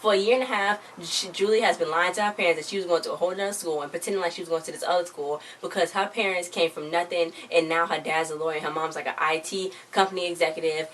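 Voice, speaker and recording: A woman's voice: on the low side, fairly even intonation, fast talker, hardly any pauses, a bit bright, far from the mic, poor audio. A woman giving a casual, rambling recap of a TV episode, retelling scenes with lots of "she was like.". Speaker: TV show reviewer. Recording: voice a bit off-mic with faint background noise.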